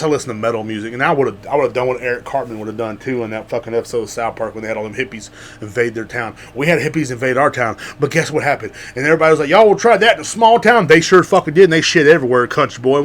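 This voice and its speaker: A man's voice: mid-range voice, fairly bright tone. A man from Central Texas, hosting a podcast in a casual, rambling and heavily profane rant with a sarcastic edge. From Central Texas, USA. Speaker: podcast host. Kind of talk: casual ranting monologue.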